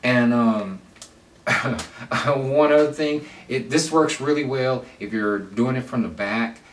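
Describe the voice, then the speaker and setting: A man's voice: mid-range voice, slow pace, far from the mic, slight background noise. A man vlogging casual advice to camera, rambling loosely with lots of fillers and repeats. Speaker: vlogger giving dating advice. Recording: roomy sound from away from the mic.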